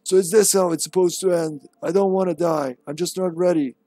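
A self-pitying would-be novelist facing his end, as a man puts him on. He reads his last words in a melodramatic, mournful way, a touch higher than a plain speaking voice. The figure comes from a survival horror game. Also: steady tone, a little fast, mellow, no room sound.

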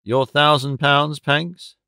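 A man reading the part of an uneasy, earnest middle-aged gentleman who speaks hesitantly and feels he is growing old. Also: on the high side, little pitch movement, slow pace, smooth, no echo, studio quality, full character voice.

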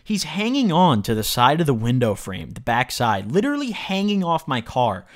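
A man spinning a casual storytime monologue, his voice swinging up and down with lots of lively pitch movement. He rambles, leaning on "like", "you know" and tag questions. He swears freely for emphasis. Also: moderate pace. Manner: rambling, fills speech with "like", "you know" and "right?". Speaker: storyteller vlogger.

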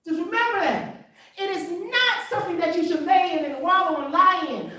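Animated woman preaching in an echoey hall. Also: very high-pitched, moderate pace, far from the mic. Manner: conversational preaching with rhetorical questions. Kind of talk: sermon. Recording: very echoey room, voice from afar.

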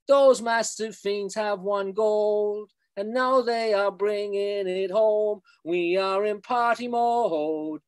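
A man's voice: very high voice, pitched above the performer's own voice. A man performing a poem as a boisterous Cork man cheering two rowing champions, in a strong Cork accent, rowdy and sing-song.

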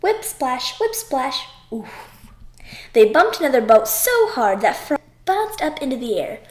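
A woman reading a children's picture book aloud, expressive and sing-song. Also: sits high, measured pace, roomy sound. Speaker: audiobook reader. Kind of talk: children's story read aloud.

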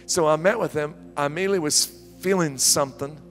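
A middle-aged man preaching a sermon as pastor, telling stories with repeated questions that swing from near-whispers to loud, high climbs. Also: quick pace, long reverb tail, soft background music. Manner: animated storytelling preacher, repeating questions, sudden soft drops and loud climbs.

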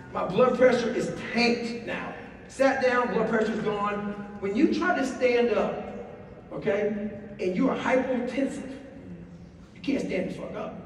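Brief: high-voiced man, profane and animated storyteller on stage, distant mic, booming hall echo. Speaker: speaker. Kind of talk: live storytelling talk. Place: large hall before an audience. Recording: echoey hall from far off, faint noise.

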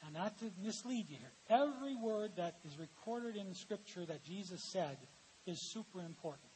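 A man's voice: high-pitched, lively intonation, moderate pace, a little mellow. A man preaching a sermon as pastor, reading quotations aloud and asking the congregation for answers. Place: church sanctuary. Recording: long hall reverb with faint hiss.

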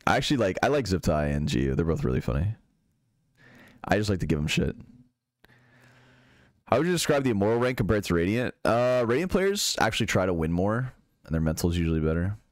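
Lively low-voiced male streamer. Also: fairly quick, pauses often, no room sound, studio quality. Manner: relaxed, swears freely, answers viewers' questions. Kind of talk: casual chat reading out live chat.

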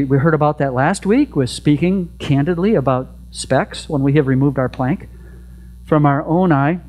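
A male pastor preaching a sermon in a church, talking to the congregation in a conversational way and asking many rhetorical questions. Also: a little high. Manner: repeats a prayer refrain softly. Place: church sanctuary.

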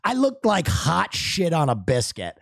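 A man's voice: a little high, huge pitch swings, measured pace, gravelly, no room sound, clean studio sound. A man streaming, telling a story in casual chat, self-mocking and swearing often.

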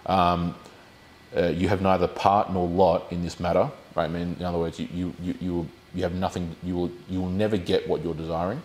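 A deep-voiced man leads a Bible study. He explains each point and puts questions to the group as he goes. His voice sits low. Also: flat delivery, brisk, a little mellow, slight background noise.

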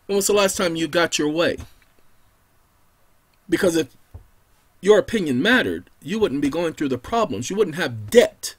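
Husky-voiced male host, preacher-style lecturer, wide swooping delivery, emphatic throughout. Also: a little high, animated, normal speed. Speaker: channel host giving legal advice.

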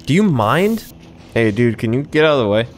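A man's voice: mid-range voice, very animated, moderate pace, slight background noise. A young man giving casual, sarcastic gameplay commentary, swearing freely and chuckling to himself.

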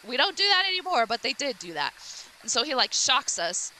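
A woman's voice: sits high, big pitch swings, brisk, sharp tone, slight background noise, low-quality recording. A woman streamer casually retelling a game's story, rambling with lots of likes and restarts.

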